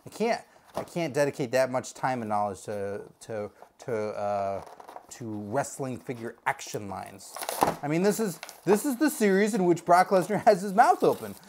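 A man's voice: mid-range voice, lively intonation, normal speed, noisy background. A man hosting a comedic unboxing video, talking in a goofy, jokey, rambling way. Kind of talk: casual comedic unboxing chat.

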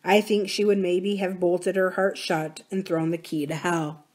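A woman gives voice to a wise old man talking low and slow. He sifts his memories with tender regret. The reading is unhurried and hushed, a library storybook voice. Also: flat delivery. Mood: confiding. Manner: soft, slow and musing. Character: wise, gentle older man, reflective.

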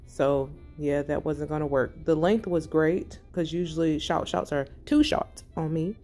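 A middle-aged woman narrating her fashion haul in a quiet, breathy, relaxed ASMR-style voice-over. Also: sits low, a little slow, few pauses, faint music behind. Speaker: fashion vlogger.

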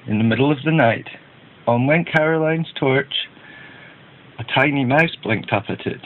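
A man narrating a children's storybook in a gentle, even read-aloud manner. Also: mid-range voice, unhurried. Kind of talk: storybook reading. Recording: tinny phone-like band.

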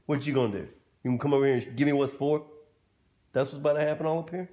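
A man's voice: medium pitch, rapid-fire, mellow. A man talking to his pet dog in a casual home video, with playful mock-scolding and back-and-forth as if the dog answers him. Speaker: dog owner.

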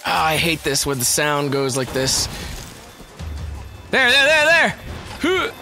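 Young man, let's play commentator, excitable, swearing, unhurried talk between shouts, game music under him. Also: a little high. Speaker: gameplay commentator.

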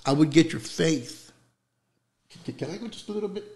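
Man, young adult, gravelly voice, slightly high, fervent preaching, stammered repeats, hushed prayers. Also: expressive, normal speed. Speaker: interview guest preaching.

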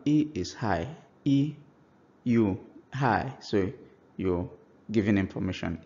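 Male language teacher, low voice, unhurried and patient, dull lo-fi sound. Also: mellow. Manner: slow, patient explanations, spelling out example phrases. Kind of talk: language lesson.

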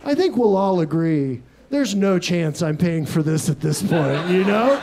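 A young man from Texas doing a live stand-up set, telling absurd stories in a deadpan way with quick asides. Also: sits high. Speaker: stand-up comedian. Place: comedy club stage with audience laughter.

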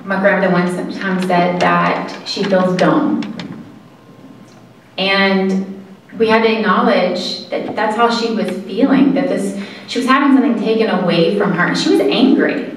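A woman giving an earnest, conversational lecture to an audience, with halting pauses. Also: mid-range voice, steady tone, slight background noise. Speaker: caregiving presenter. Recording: echoey room from far mic.

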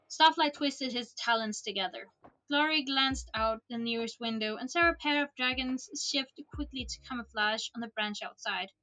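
A woman's voice: high voice, pushed and bright. A woman streamer reading a novel aloud, narrating steadily.

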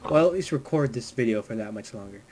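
Over loud music, a gamer with a mid-range, expressive voice talks quickly through a rambling, jokey let's-play. He keeps chatting to the animals in his game.

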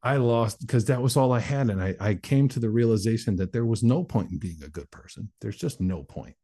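Brisk and mellow in a mid-range voice, a forty-something motivational speaker sits as a guest on an interview show. He recounts his life openly, imitating the voices of the people in it.

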